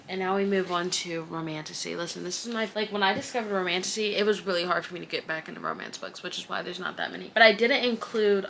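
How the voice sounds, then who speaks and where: Young woman, book vlogger, bright clear tone, gushing casual chat, faint room hum. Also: medium pitch. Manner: gushing, chatty, lots of "like" and restarts. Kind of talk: casual book recommendation vlog.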